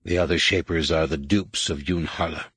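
A man reading an audiobook and voicing a majestic, menacing alien overlord who speaks in a hushed, whispered rumble, slow and commanding. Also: fairly even intonation, slightly rough, no room sound, exaggerated voice. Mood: solemn chanting.

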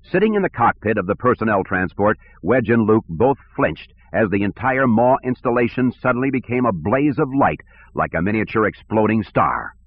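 Husky low-voiced male audiobook narrator. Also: expressive, normal speed, dry recording. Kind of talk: scripted narration. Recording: tinny phone-like sound.

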